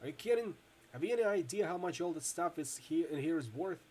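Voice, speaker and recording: A man reading a video game aloud and voicing a loud, jokey, hungover rigger-doctor in his forties with a loose Midwestern accent. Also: a little high, expressive, fast talker, slight background noise, pitched above the performer's own voice, natural voice. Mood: boastful. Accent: loose Midwestern American. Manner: boisterous, loud, jokey, laughs a lot.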